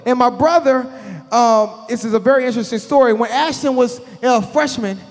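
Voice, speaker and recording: A man in his thirties doing stand-up comedy, telling stories in an animated, conversational way. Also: very high-pitched, normal speed. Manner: animated, conversational, loose Southern-inflected slang. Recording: echoey hall.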